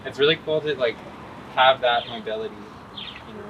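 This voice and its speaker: A man's voice: medium pitch, fairly quick, lo-fi sound. Easygoing young man chatting, noisy room. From New Hampshire. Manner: relaxed, laughs often, many fillers. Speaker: interview guest, competitive gamer. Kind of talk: casual interview chat.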